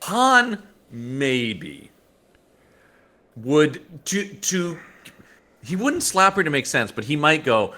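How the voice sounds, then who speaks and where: A man co-hosting a relaxed podcast, his pitch swinging widely as he talks. He has a bright, forward tone and keeps dropping into playful impressions of the characters he is discussing. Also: slow pace, pauses often. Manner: animated, acts out characters' lines with laughs. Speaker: podcast co-host. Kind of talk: casual podcast chat about comics.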